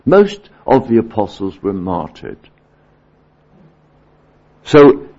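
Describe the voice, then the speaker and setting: A man preaching a sermon, earnest, swinging between emphatic peaks and quiet low passages. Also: sing-song, slow pace, long pauses. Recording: dull lo-fi sermon recording.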